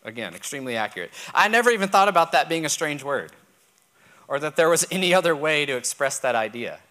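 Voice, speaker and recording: A man's voice: a little high, big pitch swings, fast talker, sharp tone. A man from Texas with a Texan accent, preaching and teaching, who repeats key points and checks that listeners follow. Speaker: pastor. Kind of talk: sermon teaching.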